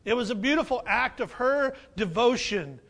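Male pastor, sermon, conversational humor, high voice, gravelly. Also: lively intonation, normal speed, fairly bright tone. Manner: conversational, humorous, repeats phrases for emphasis.

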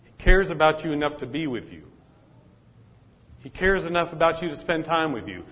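A man's voice: a little high, animated, moderate pace. Man preaching in an echoey hall. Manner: repetitive, call-and-response preaching. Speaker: pastor. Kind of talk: sermon. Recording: dull, echoey hall sound.

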